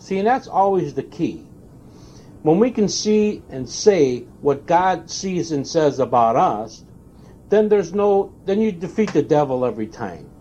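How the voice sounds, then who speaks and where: A man's voice: on the high side, dark tone, slight background noise. Emphatic preacher man on old tape. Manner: emphatic, stressing single words with long pauses. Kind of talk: recorded sermon. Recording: dull lo-fi tape recording.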